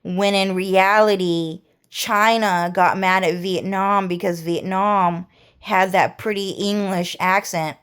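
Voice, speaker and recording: A woman's voice: mid-range voice, steady tone, slow pace, a bit bright, smooth. A woman vlogger talking in a rambling monologue, repeating words and restarting her phrases.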